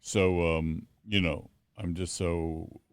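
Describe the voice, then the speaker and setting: A middle-aged man hosting a podcast, talking with effusive warmth and stammering restarts. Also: sits low, fairly even intonation, takes it slowly, clean tone, no echo. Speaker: podcast host. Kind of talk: warm casual phone interview.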